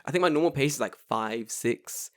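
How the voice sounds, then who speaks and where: A man in his twenties co-hosting a podcast in casual chat, telling stories with lots of energy, jumping into a high excited voice for quotes and swearing freely. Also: brisk, no room sound, clean studio sound. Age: 20s. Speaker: podcast co-host.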